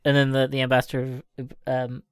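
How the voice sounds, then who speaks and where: A man co-hosting a podcast, retelling a film in an animated, jokey way. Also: mid-range voice, a little fast, clear, resonant tone, no room sound. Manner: animated, jokey storytelling with a lot of laughing. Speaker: podcast co-host. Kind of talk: casual chat.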